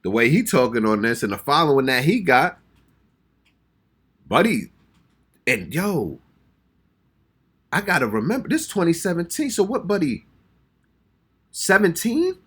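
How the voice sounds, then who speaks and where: A man's voice: a little high, sing-song, normal speed, long pauses, a bit bright, husky. An American man hosting a reaction channel, talking casually and exclaiming as he reacts, often repeating himself. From United States. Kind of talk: casual music reaction commentary.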